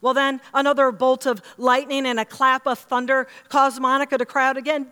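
A woman's voice: sits high, moderate pace, few pauses. Woman pastor preaching in a reverberant hall. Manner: storytelling, animated quoting of others. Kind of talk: sermon. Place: church sanctuary. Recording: long reverb in a large hall.

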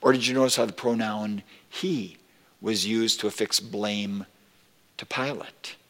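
Slow, gravelly-voiced male preacher. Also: on the low side, fairly even intonation, fairly bright tone, long reverb tail. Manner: slow, deliberate preaching with emphatic rising quotes. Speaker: pastor. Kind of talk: sermon. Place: church sanctuary.

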